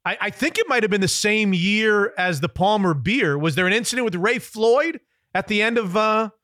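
High-voiced guy hosting, bouncy pitch, laughs a lot, keeps asking questions, dry close mic. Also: normal speed, sharp tone, no echo. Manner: laughs often, asks follow-up questions. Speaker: podcast host. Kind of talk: casual interview chat.

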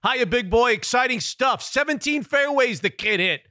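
A man hosting a sports radio interview, asking brisk, joking questions about golf. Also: very high voice, animated, sharp tone, no echo, clean studio sound. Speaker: radio host.

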